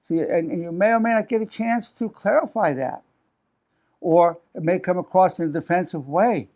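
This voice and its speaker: A man's voice: sits high, moderate pace. A man in his eighties, a psychologist, teaching in loose spoken talk and acting out defensive replies. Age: 80s. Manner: animated, acts out defensive quotes with raised voice; frequent restarts and repeated words. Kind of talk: unscripted talk to camera.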